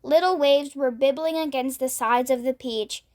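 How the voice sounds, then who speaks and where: High-voiced woman reading a storybook. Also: moderate pace. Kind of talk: reading a children's book aloud.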